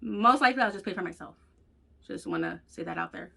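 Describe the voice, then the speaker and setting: A woman vlogger telling a personal story in a blunt, profane, animated way. She has children. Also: mid-range voice, fast, creaky. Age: adult with children. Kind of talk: casual storytelling vlog.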